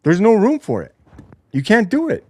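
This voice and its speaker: A man's voice: sits high, huge pitch swings, moderate pace, dry recording. A man hosting a post-game basketball show, ranting in a heated, profane way. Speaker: podcast host. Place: home basement studio.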